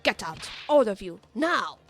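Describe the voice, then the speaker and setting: Gruff old man, mock Russian accent, as a woman puts him on. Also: medium pitch, very animated, measured pace, faint music behind, pitched below the performer's own voice. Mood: curt, dismissive. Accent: put-on Russian. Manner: curt, suspicious, clipped. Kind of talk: reading game dialogue aloud.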